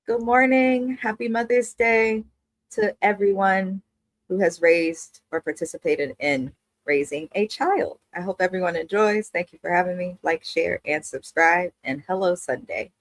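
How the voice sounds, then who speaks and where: A woman's voice: on the low side, unhurried, no echo. A woman co-hosting a casual review show, friendly and polite. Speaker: co-host. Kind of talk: casual chat.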